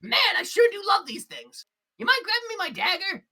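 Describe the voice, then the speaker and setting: A loud, high, gleeful kobold barkeep who crows about his fighting and cackles, with a bright, sharp edge as a woman puts him on. His pitch leaps around, boastful and pleased with himself. He is a small creature, cheerful and cocky. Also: wildly swooping pitch, brisk, exaggerated voice.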